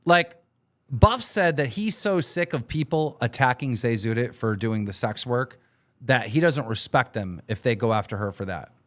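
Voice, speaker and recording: A man's voice: medium pitch, expressive, moderate pace. A man hosting a stream, casually recapping online drama with an offhand, swearing manner. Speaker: stream host.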